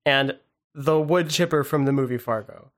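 A man's voice: medium pitch, moderate pace. A man co-hosting a podcast in casual chat, dry and playfully teasing. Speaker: podcast co-host.

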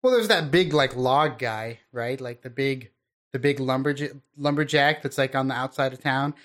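A man co-hosting a podcast in casual chat, rambling and laid-back, often trailing off quietly. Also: mid-range voice, moderate pace. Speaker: podcast co-host.

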